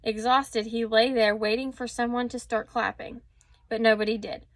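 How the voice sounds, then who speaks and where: A woman's voice: on the high side, moderate pace, dry recording. Woman reading a storybook aloud. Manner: expressive storytelling with small slips. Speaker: children's story reader.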